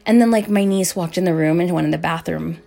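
Animated profane young woman storyteller. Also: lowish voice, fast, creaky. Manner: profane, animated, acts out quoted voices. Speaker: streamer telling a story. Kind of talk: casual storytelling chat.

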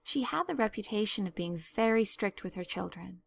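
A woman narrating a story as an audiobook reader, measured and expressive. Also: mid-range voice, creaky. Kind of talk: scripted narration.

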